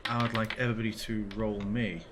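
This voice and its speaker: A man running a tabletop game as game master, with drawn-out, vivid description of the scene. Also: fairly low pitch, little pitch movement, a bit bright, slight background noise.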